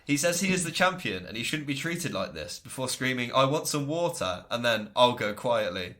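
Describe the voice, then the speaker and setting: Male co-host, casual recap, bright tone, lively pitch, quick to laugh. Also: slight background noise. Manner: enthusiastic, laughs often. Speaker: podcast co-host.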